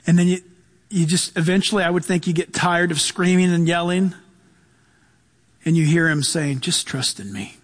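A male pastor preaching a sermon, animated, acting out voices and dropping to a hush for emphasis. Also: high-pitched, moderate pace, long pauses, big-room sound.

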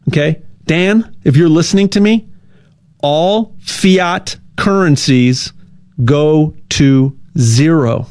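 Guy rambling thru a gold pitch, bit high voice, keeps tripping on words. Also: takes it slowly, a little mellow. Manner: rambling, repeats words, jokey asides. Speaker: gold sales ad host. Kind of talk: casual sales pitch.

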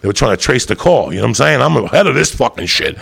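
A man with a deeply gravelly, fry-laden voice at a middling pitch tells a long story, swearing freely. He is animated, and his voice jumps up into loud put-on voices whenever he quotes someone. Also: quick pace. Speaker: comedian telling a story. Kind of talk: profane storytelling monologue.

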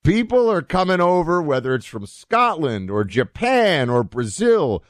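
A man hosting a show and giving his opinions in animated, casual talk, full of fillers and restarts. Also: on the high side, measured pace, no room sound, clean studio sound. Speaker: host. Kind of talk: opinionated commentary.

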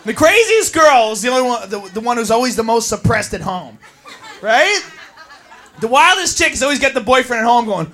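A woman doing a brash, profane stand-up routine and shouting her punchlines. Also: on the high side, sing-song, a little fast, slight background noise. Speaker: stand-up comedian.

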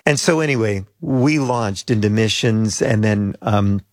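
A man's voice: fairly low pitch, measured pace, dry recording, clean studio sound. A pastor in his sixties from the United States, telling rambling anecdotes with asides as an interview guest.

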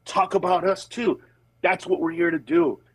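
A middle-aged man talks over a phone line as a guest comedian, his voice slightly husky and pitched fairly high. He tells stories in an animated way, slipping into other people's voices as he goes. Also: moderate pace. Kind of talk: casual radio interview by phone. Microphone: phone with Bluetooth.

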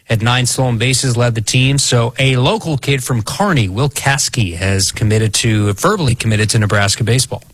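A man co-hosts a sports radio show in a dead, dry studio, at a medium pitch. His humor is dry and self-deprecating. He hesitates often and fills pauses as he goes through stats. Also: husky, dry recording. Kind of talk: casual studio banter. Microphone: studio microphone.

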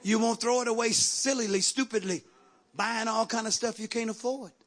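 A man preaching a sermon in a church, calling out to the congregation and rising to shouts. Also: very high-pitched, fairly even intonation, normal speed. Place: church sanctuary.

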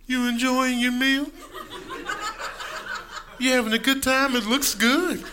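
A pitiful, hungry pet dog that begs in a very high, singsong whine, as a comedian puts it on. It pleads sweetly for scraps. The live recording is noisy with crowd sound. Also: male voice, fairly even intonation, slow. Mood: begging.

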